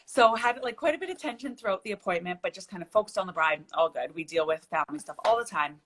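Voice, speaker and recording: A woman's voice: mid-range voice, quick pace. A young woman, a shop owner, telling a story as a guest on a video-call interview, acting out the people she quotes. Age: young adult. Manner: animated storyteller, acts out quoted dialogue.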